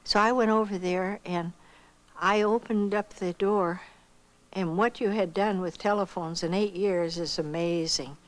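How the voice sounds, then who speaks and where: An older woman from the United States telling a personal testimony slowly and reflectively, acting out the voices of the people she quotes. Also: lowish voice, steady tone, rough recording. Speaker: missionary giving testimony.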